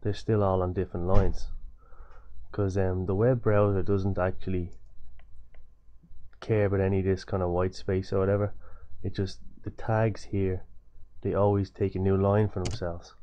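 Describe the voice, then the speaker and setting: Low-voiced casual coding tutor, a man. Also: warm tone. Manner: loose and repetitive, many fillers and restarts.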